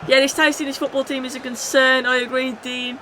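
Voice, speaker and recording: A woman hosts a live stream of a football video game. Her voice is bright and forceful. She chats casually with her viewers and yells at the match when it turns exciting. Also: high-pitched, a little fast, a little hiss or hum. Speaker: gaming streamer. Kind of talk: live game commentary and chat reading.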